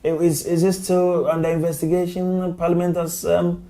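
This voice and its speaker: Mellow-voiced man hosting a call-in show. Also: sits high, monotone, moderate pace. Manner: frequent murmured agreement. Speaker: talk show host. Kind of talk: studio talk show with call-ins. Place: TV studio.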